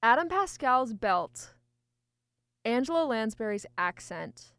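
A woman's voice: on the high side, big pitch swings, takes it slowly, fairly bright tone, clean tone, no echo. A woman co-hosting a casual chat, effusive and laughing, stammering as she agonizes over choices. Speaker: podcast co-host.

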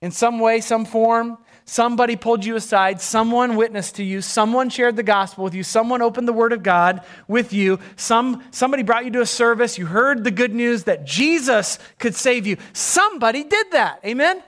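A male pastor in his forties preaching a sermon, swinging from loud emphasis to hushed near-whispers and stretching key words slowly. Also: very high-pitched.

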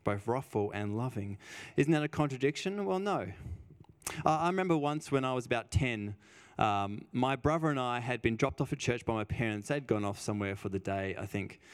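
A man's voice: mid-range voice, expressive, fairly quick, clear, resonant tone. A man preaching a sermon in a conversational way, stressing points by repeating phrases and telling personal stories. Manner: emphatic, repeats phrases for weight.

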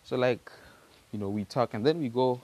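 A man's voice: medium pitch, normal speed, darkish tone. A teenage man from Africa, telling a loose, slangy story on his own podcast, full of restarts and repeated words. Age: teens. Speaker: podcast host.

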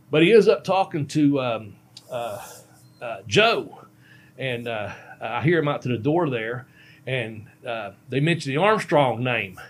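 Brief: ex-wrestler, mid-range voice, loose and folksy, telling road stories. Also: male voice, mid-range voice. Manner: rambling, folksy, laughs at himself. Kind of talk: casual storytelling on a podcast.

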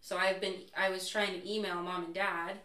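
Her voice is medium-pitched and her pace normal as this young adult woman, a guest in a casual conversation, animatedly and candidly acts out quotes while telling stories. The mic sits far away, catching a roomy echo and slight background noise.

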